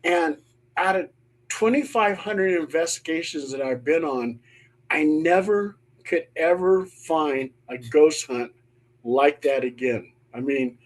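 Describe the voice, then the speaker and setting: A middle-aged man, a paranormal investigator, telling a ghost story on a panel show and acting out the voices he quotes. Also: fairly high pitch.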